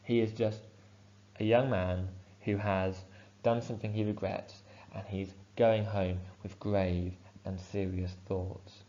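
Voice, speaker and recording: A male teacher giving a measured, clear explanation of a poem, with the odd filler. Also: lowish voice, little pitch movement, dark tone. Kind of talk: poetry analysis lesson. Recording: dull lo-fi sound.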